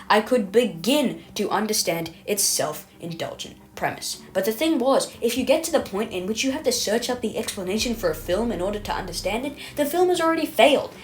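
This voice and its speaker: A woman reading her own video essay in a scripted, self-mocking, rambling way, stumbling over words and correcting herself. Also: mid-range voice.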